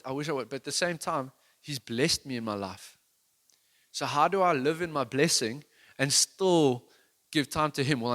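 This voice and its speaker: A man's voice: medium pitch, a bit bright. A man preaching a sermon as pastor, talking in a conversational, earnest way that rises into emphatic bursts.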